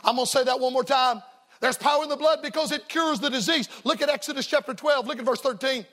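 A man's voice: very high voice, quick pace, fairly bright tone. A man preaching a revival sermon to a church congregation, folksy and emphatic, telling stories and hammering repeated refrains. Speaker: evangelist preacher.

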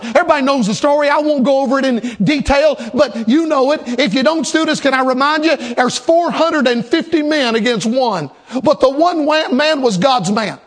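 A man's voice: very high-pitched, fairly bright tone. A man preaching a sermon, with rhythmic, emphatic repetition and a storytelling turn.

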